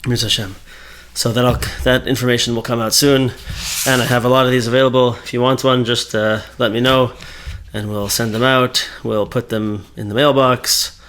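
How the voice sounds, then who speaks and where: A man's voice: medium pitch, level tone, normal speed, hardly any pauses, fairly bright tone. Man, Torah teacher, mid-range voice, casual conversational lesson delivery. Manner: conversational, thinking aloud with fillers and self-corrections.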